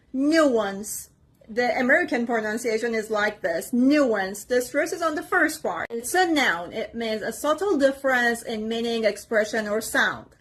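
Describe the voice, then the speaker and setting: A woman teaching English vocabulary, pronouncing each word slowly and deliberately. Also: a little high, fairly bright tone. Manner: slow, deliberate word-by-word pronunciation drills. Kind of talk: vocabulary lesson.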